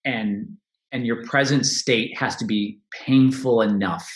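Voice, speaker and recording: A man's voice: medium pitch, fairly even intonation, takes it slowly, roomy sound. A man speaking as a podcast guest, talking candidly and reflectively about his own life, often restarting and laughing. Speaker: podcast guest, money coach. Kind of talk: casual interview talk.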